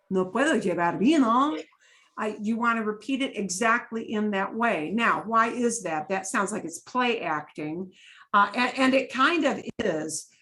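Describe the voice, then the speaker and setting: A woman's voice: on the high side, bright, forceful tone, poor audio. Chatty woman teaching a Spanish class. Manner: chatty, sprinkles Spanish checks like vale and bien. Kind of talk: casual classroom instruction.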